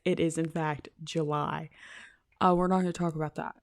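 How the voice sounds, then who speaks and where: A young woman hosting a casual solo podcast. She rambles, restarts her sentences, laughs at herself, and often trails off quietly. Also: low voice, flat delivery, moderate pace, creaky. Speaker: podcast host.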